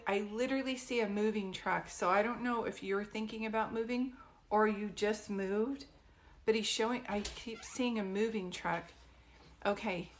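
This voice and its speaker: A woman's voice: medium pitch, a little hiss or hum. Woman, psychic medium, live-stream reading, chatty, reassuring, restarts often.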